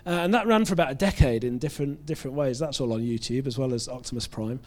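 A British man preaching a sermon to his congregation at a medium pitch. He keeps it chatty and self-deprecating, often stumbling and restarting phrases as he works through a passage. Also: fast talker. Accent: British English. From United Kingdom.

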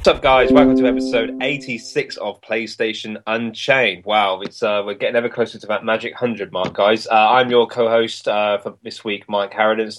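Man, podcast co-host, casual chat, laughs a lot. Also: fairly low pitch. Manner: upbeat, laughs often.

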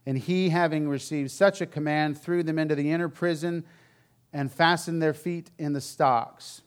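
A man preaching a sermon, telling the story in a candid, conversational way with frank asides, swinging between loud emphasis and quiet, low remarks. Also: fairly even intonation, normal speed, smooth.

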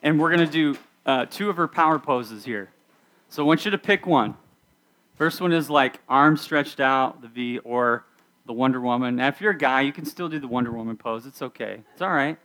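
A man's voice: medium pitch, moderate pace, pushed and bright. A middle-aged man preaching a casual sermon to a youth group, speaking conversationally and leading the audience through activities. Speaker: youth pastor.

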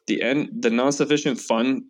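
A man's voice: medium pitch, steady tone, normal speed. A young man telling an angry story in casual chat, swearing often and acting out both sides. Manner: profane, heated storytelling.

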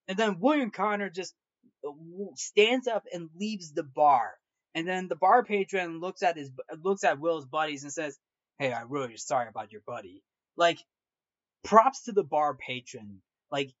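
A man's voice: high voice, fairly bright tone, dry recording. Rambling man recapping a movie. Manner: rambling, with many restarts and repeated "like". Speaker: movie review show host. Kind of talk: casual film recap. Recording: dull lo-fi, dry sound.

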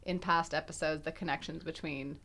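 A woman's voice: low voice, steady tone, fairly quick, sharp tone. A young woman co-hosting a podcast, thinking aloud in casual analytical chat with many fillers and restarts. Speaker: podcast co-host.

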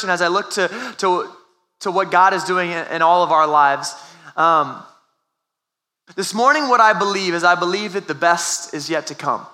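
Bright, high-voiced young pastor. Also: male voice. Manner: conversational, storytelling with restarts and laughs. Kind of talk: sermon.

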